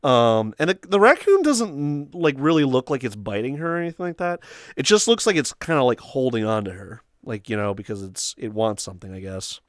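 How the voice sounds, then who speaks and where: A young man hosting a casual chat with friends, telling stories with animated quoting and loud shrieked impressions. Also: mid-range voice, brisk, dry recording, clean studio sound. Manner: animated storytelling, acts out quotes in squeals and shrieks. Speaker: host.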